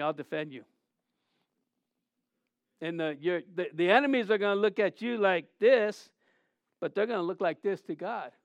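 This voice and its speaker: A middle-aged male pastor preaching a sermon in an animated way, asking the congregation questions and acting out quoted voices. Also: high-pitched, no room sound, lo-fi sound. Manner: acts out quoted voices in asides.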